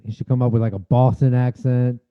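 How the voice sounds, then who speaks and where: A man's voice: mid-range voice, little pitch movement, brisk, smooth, highs cut off. A man guesting on a casual podcast, joking and laughing often, saying "dude" a lot. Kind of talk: casual roundtable chat.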